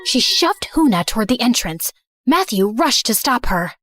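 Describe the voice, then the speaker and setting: A woman's voice: a little high, big pitch swings, moderate pace, fairly bright tone, dry recording, studio quality. A woman narrating a dramatic first-person story in an earnest storytelling manner.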